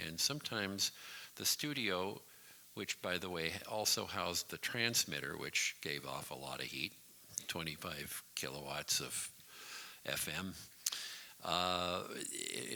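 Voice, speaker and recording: A man's voice: deep voice, bright, forceful tone. A man in his sixties telling a comic story from his college radio days on stage at a community hall, with dry timing and mock announcer voices. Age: 60s. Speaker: variety show storyteller.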